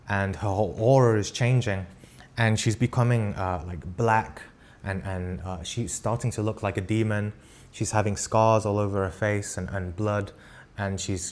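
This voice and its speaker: A man's voice: on the low side, darkish tone. A man teaching a live spiritual class, recounting an experience in short, earnest phrases and often checking in with "right?". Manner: talks in short halting phrases with frequent restarts.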